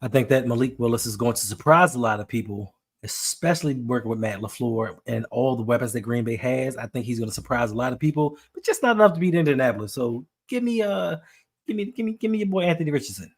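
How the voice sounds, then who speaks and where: Husky man, lively sports banter. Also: mid-range voice, fast. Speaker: podcast co-host. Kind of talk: casual sports chat.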